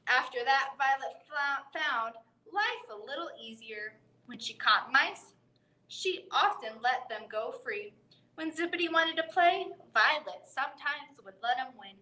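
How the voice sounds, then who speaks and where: A woman reading a bedtime picture book aloud to children in a library storytime, expressive and playful with animal sounds. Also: high voice, unhurried, echoey room, poor audio. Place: library room.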